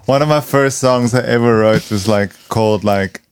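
A man's voice: medium pitch, moderate pace, a little hiss or hum. A man hosting a podcast, chatting in a laid-back way in a studio. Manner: laid-back, says "dude" a lot. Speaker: podcast host. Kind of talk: casual chat.

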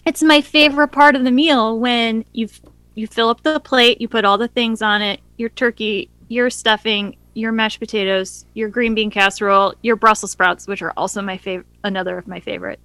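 A woman co-hosting a casual podcast, enthusiastic and quick to laugh. Her voice is bright and a little high. It sounds dry and close, with no room echo. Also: steady tone, smooth. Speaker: podcast co-host. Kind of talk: casual chat.

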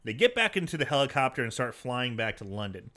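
A man's voice: medium pitch, quick pace. A man in casual chat, retelling a film scene by scene, cursing freely and acting out the lines. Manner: animated, swears, acts out movie lines in put-on voices. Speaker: podcast co-host recapping a movie.

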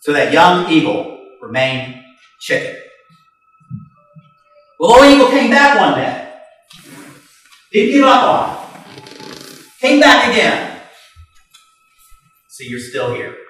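A male pastor telling a folksy parable in a sermon, lively and conversational with frequent restarts. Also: sits high, takes it slowly, pauses often. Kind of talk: sermon storytelling. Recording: echoey hall from far off, faint music.

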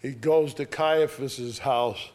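A man delivers a conversational sermon, reading scripture aloud and often checking in with "all right?" His medium-pitched voice is a little mellow and unhurried.

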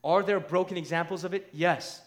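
A man preaching a sermon in a conversational, emphatic way, often checking in with "right?" and building to near shouts. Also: high voice, steady tone, normal speed. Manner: conversational, asks the crowd "right?".

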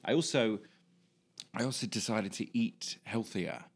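A man's voice: fairly low pitch, a little slow, breathy edge. A man co-hosting a podcast, chatting casually with dry, self-mocking humor. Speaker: podcast co-host. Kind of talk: casual chat.

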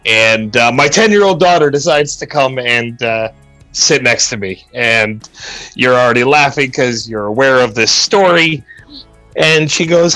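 A man's voice: mid-range voice, measured pace, bright, forceful tone, no room sound, faint music behind. A man co-hosting a sports podcast, telling a story with self-mocking humor and frequent laughs. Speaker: podcast co-host. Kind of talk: casual sports chat. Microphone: remote call mic.

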